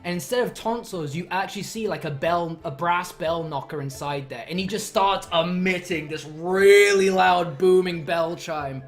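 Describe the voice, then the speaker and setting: A man narrating as game master, improvising scenes in a halting, laughing way. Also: high-pitched.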